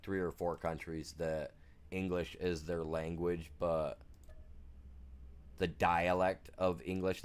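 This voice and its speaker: Deep-voiced american guy rambling on his game stream, telling stories and laughing at himself. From United States. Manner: rambling, storytelling, self-deprecating. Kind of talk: casual live-stream chat.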